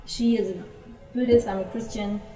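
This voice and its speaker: An American woman tells her story in a relaxed, mellow voice, acting out the lines of the people in it. She sounds set back from the microphone in an echoey room. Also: mid-range voice, moderate pace, soft background music. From United States. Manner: animated storytelling with quoted voices. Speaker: speaker on Japanese culture. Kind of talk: casual talk. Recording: roomy, distant mic.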